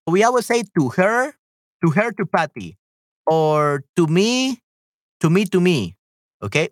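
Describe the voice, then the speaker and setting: A woman teaching a live-streamed language lesson, patiently repeating phrases slowly and translating them. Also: on the low side, no room sound, studio quality. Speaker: Spanish teacher on a livestream.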